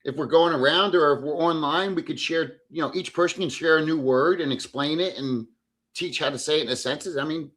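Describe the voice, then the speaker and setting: A man hosting a casual livestream, telling stories in an animated way, reading chat comments aloud and swearing freely. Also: on the high side, fairly quick. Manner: animated storyteller who reads chat aloud. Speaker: livestream host. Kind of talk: casual live-stream chat.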